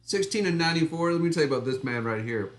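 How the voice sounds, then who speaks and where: A man's voice: fairly high pitch, animated, fast. A man in his forties joining a casual live chat, joking and self-mocking in a dry way. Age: 40s. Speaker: host's partner.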